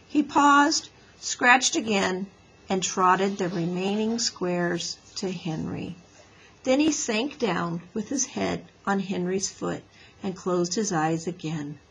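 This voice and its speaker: A woman teacher reading a children's book aloud in a lively storybook manner, slightly raspy. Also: mid-range voice, low-quality recording.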